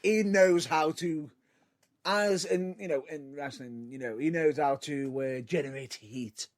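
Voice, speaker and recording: Wrestler guy, kinda high voice, rambles and repeats himself. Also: a little slow. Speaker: wrestler co-guest. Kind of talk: casual interview chat.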